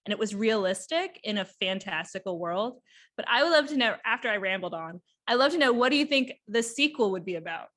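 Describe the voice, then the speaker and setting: A woman co-hosting a podcast, chatting about a book in an excited, rambling way with quick bursts. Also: medium pitch. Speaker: podcast co-host. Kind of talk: casual book chat.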